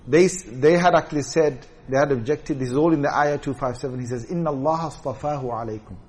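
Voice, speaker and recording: A man's voice: mid-range voice, a little fast, a little mellow, breathy edge. A man teaching a scripture commentary lesson in an explanatory way, often checking in with his listeners. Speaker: religious teacher.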